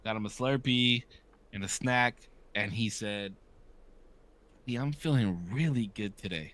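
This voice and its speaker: Low-voiced swearing man in his thirties. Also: a little slow, long pauses, fairly bright tone. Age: 30s. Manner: candid, swears often, acts out quoted voices. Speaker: podcast co-host. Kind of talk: casual chat.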